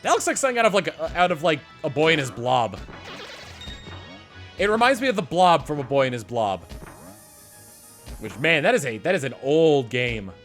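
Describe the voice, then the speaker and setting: A man's voice: a little high, sing-song, normal speed, pauses often, a bit bright, faint music behind. A man playing a video game and commenting playfully, with silly asides and rambling thoughts. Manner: playful, silly, bursts into made-up songs. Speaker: let's-play host. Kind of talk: gaming commentary.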